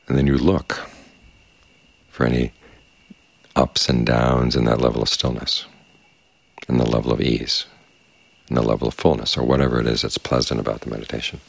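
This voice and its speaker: A man giving a dharma talk as meditation teacher, speaking in a calm, measured, unhurried way. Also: extremely low pitch, vocal fry, breathy edge, no echo. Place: quiet meditation space with crickets outside.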